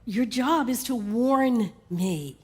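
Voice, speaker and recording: A calm, smiling Faith, as a woman preacher puts her on in a joke told from the pulpit. The voice is unhurried and reassuring, the steady one among the three. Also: a little high, breathy edge, heavily acted.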